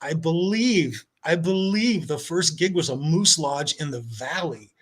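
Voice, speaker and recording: A man telling a long anecdote as a podcast guest, animated and acting out quoted dialogue, over a video call. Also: on the high side, measured pace, slightly rough. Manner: animated storyteller, acts out quoted voices. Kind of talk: casual storytelling chat.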